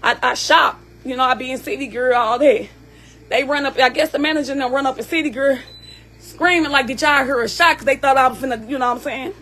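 A woman tells an emotional personal story in a high, bright, sharp voice. She talks emphatically and keeps checking in with her listener, asking "you hear me?" again and again. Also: steady tone, fast talker. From Southern United States.

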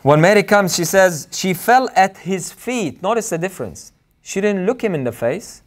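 A man's voice: sits high, expressive, moderate pace. Earnest man preaching a sermon. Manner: earnest, emphatic preaching with repeated phrases.

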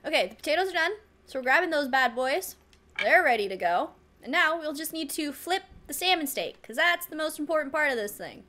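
A woman's voice: high-pitched, expressive, a little fast, sharp tone. A woman giving casual gameplay commentary, flustered and self-mocking, laughing often. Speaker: let's play gamer.

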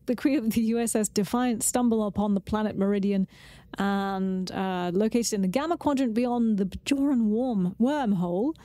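Woman podcast cohost, warm mellow voice, dry close sound, explains trivia calmly. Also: medium pitch, no echo. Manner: informative, measured, with fillers. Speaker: podcast co-host. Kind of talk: casual chat, recapping trivia.

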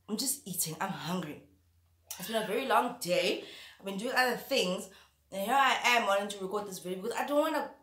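A woman's voice: mid-range voice, a bit bright, reverberant. A woman chatting theatrically while eating spicy food, sometimes talking with her mouth full. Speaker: YouTuber. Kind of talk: casual eating vlog chat.

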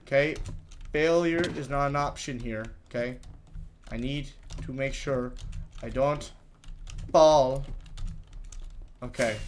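A man giving live gameplay commentary, talking to himself in frustrated, excitable bursts with many restarts. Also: medium pitch, slight background noise. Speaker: gaming YouTuber.

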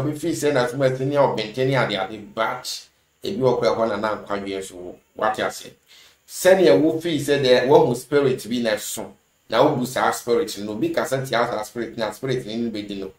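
A man lectures his listeners in a preachy commentary voice. His pitch sits in the middle range. The sound rings off the walls of an echoey room. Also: a little fast, darkish tone.

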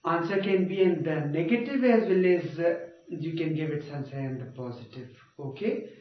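A man's voice: fairly high pitch, normal speed. A male teacher giving a grammar lecture, repeating points and checking with "okay?" and "you got it?". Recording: dull, echoey, far from mic.

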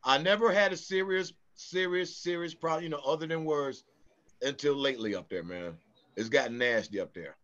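A middle-aged man co-hosting a podcast, telling stories in a casual, animated way and often repeating himself. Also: a little high, brisk. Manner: animated, repetitive storytelling. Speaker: podcast co-host. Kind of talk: casual chat. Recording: dull lo-fi sound.

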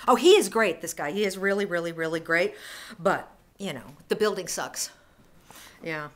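A woman's voice: fairly low pitch, animated, normal speed. A woman filming a casual home video in her apartment bathroom, exasperated and self-mocking as she talks to the camera. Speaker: vlogger. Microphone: handheld camera.

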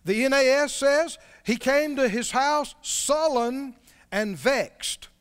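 A man with a very high voice preaches a sermon, asking his listeners questions as he reads aloud. His voice rings with the long reverb of a church hall. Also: slow, smooth. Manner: conversational preaching, asks the congregation questions. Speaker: pastor.

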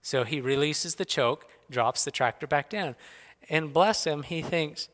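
Middle-aged man, church speaker, animated folksy anecdotes; clear bright voice, long hall reverb. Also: fairly high pitch, normal speed. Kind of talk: personal storytelling talk. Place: church sanctuary.

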